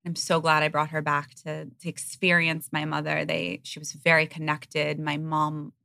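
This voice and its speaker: A woman's voice: sits low, completely flat delivery, normal speed, creaky, sharp tone, no echo, clean studio sound. A woman in her thirties, a podcast guest, speaking frankly and earnestly in a candid interview.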